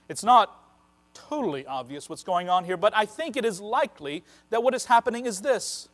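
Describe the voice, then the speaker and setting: A man preaching a sermon, earnest and emphatic, slowing down to stress key phrases. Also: high voice, lively intonation, a bit bright.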